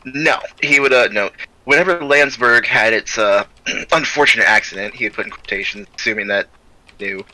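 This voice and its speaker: A man voicing a steadfast, stoic young male soldier in tabletop role-play, halting and searching for names as he speaks, clearing his throat often. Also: mid-range voice, sharp tone, rough recording.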